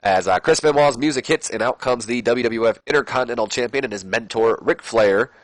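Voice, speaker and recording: A man's voice: medium pitch, a little fast, no room sound. Casual rambling man narrating gameplay. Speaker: game channel host. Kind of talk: let's play commentary of a wrestling sim.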